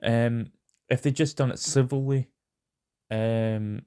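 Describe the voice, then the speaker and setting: A British man talks through the news in a rambling, off-the-cuff rant. He swears freely and stalls on ums and restarts. His voice sits at an ordinary middle pitch. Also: steady tone, slow, dark tone, smooth. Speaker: host.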